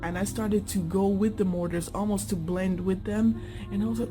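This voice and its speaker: A woman's voice: mid-range voice, steady tone, normal speed, warm tone. A woman casually telling the story of a dream she had, in an informal, chatty way with lots of fillers. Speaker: dreamer sharing a testimony. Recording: music playing behind.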